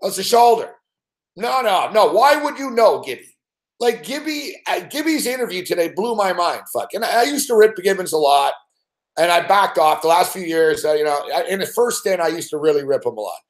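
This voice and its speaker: Hosting a live sports betting show, a man with a high, sing-song voice rants in frustrated outbursts and swears constantly. He talks fairly quickly, and the sound is reverberant.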